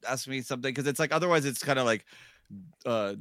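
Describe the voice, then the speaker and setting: A man co-hosting a casual comedy podcast, joking and laughing, halting now and then to search for words. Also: mid-range voice, fairly bright tone, dry recording, studio quality. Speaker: podcast co-host.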